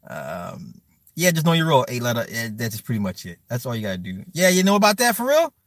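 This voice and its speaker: A man's voice: mid-range voice, sing-song, quick pace, a bit bright, dry recording. A man hosting a live stream in a blunt, profane, rambling rant, stammering and repeating words and breaking off to thank and answer his viewers. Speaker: livestream host talking to chat.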